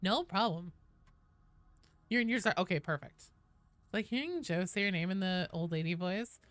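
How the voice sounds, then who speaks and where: Woman, game streamer, bright, lively pitch, casual, swears, thanks viewers. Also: normal speed, no room sound.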